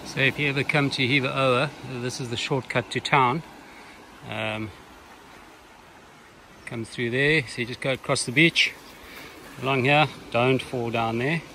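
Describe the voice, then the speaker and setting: A man narrating a casual sailing travel vlog, relaxed and hesitant with frequent ums and uhs, recorded outdoors on a handheld camera. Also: mid-range voice, unhurried, long pauses. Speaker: sailing vlogger. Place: outdoors on an island. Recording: windy outdoor noise.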